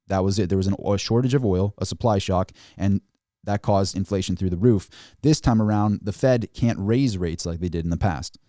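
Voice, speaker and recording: A man with a lowish, dark, mellow voice talks through market charts on a live stream. He is animated and throws in mocking asides in quoted voices. The sound is dry and close. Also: moderate pace, no echo. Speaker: finance channel host.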